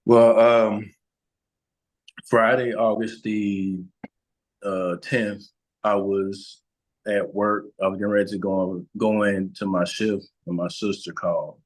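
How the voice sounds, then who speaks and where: A man with a very low, deep voice speaks as a guest on an interview podcast. He tells a personal story slowly and haltingly, pausing often and restarting his sentences. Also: level tone, low-quality recording. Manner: slow, halting, with frequent fillers and restarts. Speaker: guest, relationship and trauma coach.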